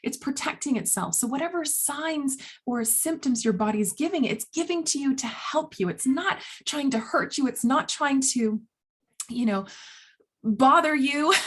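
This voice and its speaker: Husky-voiced woman in an earnest vlog. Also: high-pitched. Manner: earnest, animated, laughs often between phrases; blunt, self-described swearer. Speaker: holistic health coach. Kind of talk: casual motivational vlog monologue.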